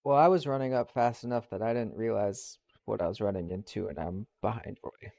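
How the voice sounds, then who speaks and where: Gravelly man playing at the game table. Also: lowish voice, brisk, mellow, dry recording. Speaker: player. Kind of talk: casual tabletop play.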